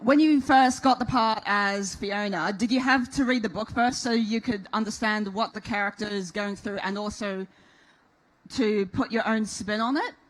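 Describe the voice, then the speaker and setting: A woman's voice: medium pitch, moderate pace, low-quality recording. Nervous young-sounding woman fan. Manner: nervous, apologetic. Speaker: fan asking a question.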